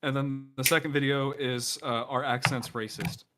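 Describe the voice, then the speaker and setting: A groggy man rambles through his answers with plenty of hesitations on an online panel. His voice sits at a middle pitch. It is loose, casual chat. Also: fairly even intonation, normal speed, background noise. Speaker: panelist, YouTuber.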